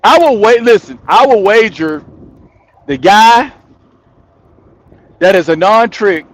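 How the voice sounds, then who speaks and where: High-voiced man holding forth, slow and emphatic. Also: lively intonation. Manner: emphatic and repetitive, hammering points home; laughs between points, talks straight to the audience. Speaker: channel host. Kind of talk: casual opinion commentary to viewers.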